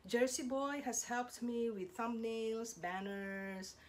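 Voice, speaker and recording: A woman's voice: fairly high pitch, steady tone. A woman hosting her channel's reveal compilation, gushing and thanking each contributor. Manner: gushing, slow, lots of thanks. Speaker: channel host. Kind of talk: casual video presentation.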